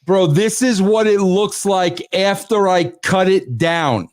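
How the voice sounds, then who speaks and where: A man's voice: sits high, slow. A man hosting a live stream in casual chat, with a blunt, brash manner. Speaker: podcast host.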